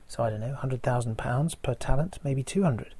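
A man, preaching a sermon in a measured way and posing rhetorical questions to the listeners. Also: medium pitch, warm tone, husky. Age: 40s.

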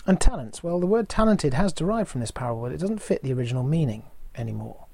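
A man, preaching a sermon in a measured way and posing rhetorical questions to the listeners. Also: fairly high pitch, animated, gravelly, a little mellow, no echo. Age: 40s.

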